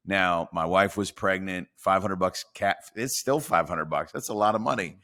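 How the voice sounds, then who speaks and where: A man's voice: low voice, normal speed, hardly any pauses. A man telling a story from his sales career as a podcast guest, acting out the voices in it. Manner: animated storyteller acting out dialogue.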